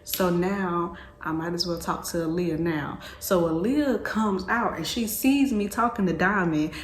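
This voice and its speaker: Young woman vlogger, casual rambling storyteller, slightly low voice, echoey room with faint background noise. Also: unhurried. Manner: chatty, repeats herself, backtracks.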